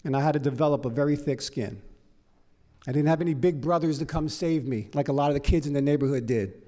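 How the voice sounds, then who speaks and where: A man from Los Angeles telling his life story at a recovery meeting, animated and profane. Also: on the high side, fast. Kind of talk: personal story talk.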